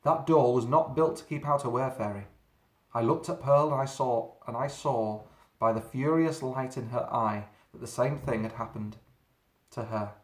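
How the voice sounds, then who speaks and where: A man reading a children's story aloud, dramatic and slowing down for suspense. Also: mid-range voice. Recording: roomy echo.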